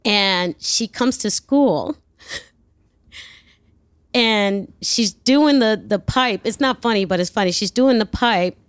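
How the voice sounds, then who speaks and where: A woman from New York, a guest telling a long, animated story in an interview and acting out the voices in it, swearing freely. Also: medium pitch, slow, clear, resonant tone, dry recording. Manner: lively, acts out voices in her anecdotes, swears freely.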